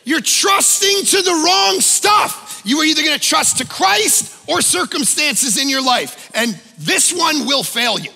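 A male pastor preaching a conversational sermon, emphatic, with sudden loud bursts and casual asides. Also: extremely high pitch, lively intonation, a little slow, gravelly, few pauses, long reverb tail, soft background music. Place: church auditorium.

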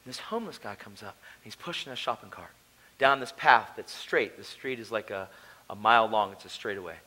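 A man preaching his personal testimony at a conference. He swings from hushed storytelling to loud, emotional shouting. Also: fairly low pitch, a little fast, low-quality recording.

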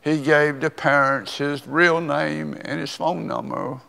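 An older man, a pastor, preaching a sermon and telling a story slowly and deliberately, with pauses. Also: fairly high pitch, steady tone, gravelly, sharp tone. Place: church sanctuary. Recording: long reverb of a church hall.

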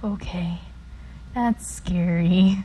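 A woman giving casual, playful commentary while playing a video game. She jumps between loud outbursts and mumbled asides. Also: fairly low pitch, very slow, a little hiss or hum, rough recording. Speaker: gaming YouTuber. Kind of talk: casual let's-play commentary.

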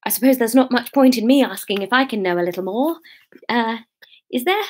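A woman's voice: on the high side, lively intonation, fairly quick, voice pushed up. A woman reading the lines of a polite, eager and slightly flustered male village vicar in a story she is reading aloud. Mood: hopeful.

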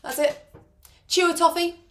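A woman with a very high, somewhat bright voice talks a little slowly in a steady tone. She's a choir singing teacher leading an online vocal warm-up from home over video, encouraging and chatty, and she demonstrates sounds.

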